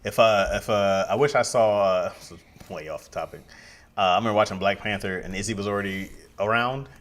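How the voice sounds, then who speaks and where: A man co-hosting a podcast in casual chat, telling animated stories and slipping into playful voices. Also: fairly low pitch, fairly quick. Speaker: podcast co-host.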